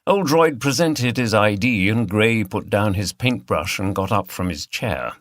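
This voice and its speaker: A male audiobook narrator with a low voice delivers scripted narration in a measured, even storytelling style, recorded with no echo.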